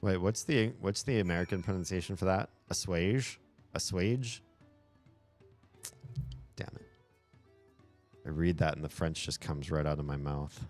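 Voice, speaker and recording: A man streaming live and chatting casually with his viewers, animated and talkative, often laughing and cursing. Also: low voice, brisk, faint music behind. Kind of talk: casual livestream chat.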